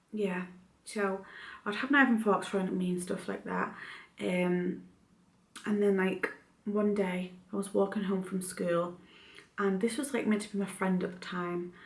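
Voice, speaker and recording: Young girl rambling through a storytime vlog, bit of vocal fry, roomy echo. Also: medium pitch. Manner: rambling, many "like" fillers and restarts. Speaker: vlogger. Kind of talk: casual storytime monologue. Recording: echoey room.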